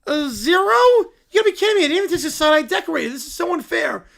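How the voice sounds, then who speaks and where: A man's voice: extremely high pitch, sing-song, vocal fry, a bit bright, voice pushed up, full character voice. A man doing a whiny, bossy little kid. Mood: indignant. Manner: whiny, complaining, drawn-out. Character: whiny, bossy young child making pizza. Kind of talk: reading an AI-written skit aloud.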